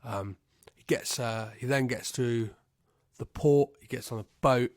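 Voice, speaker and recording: A man hosting a podcast, casually recapping a film's plot in a halting way, swearing and acting out the characters' lines. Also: mid-range voice, dry recording, studio quality. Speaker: podcast host.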